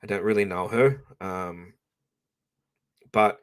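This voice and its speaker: A man's voice: lowish voice, takes it slowly. An Australian man ranting casually to his live-stream audience, blunt and profane, rambling with frequent restarts.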